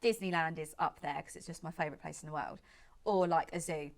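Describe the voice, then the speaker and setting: A woman in her late twenties, a guest make-up artist, tells a long story in casual chat, full of fillers, "like," and quoted speech. Her voice is low-pitched and steady, and she talks fast.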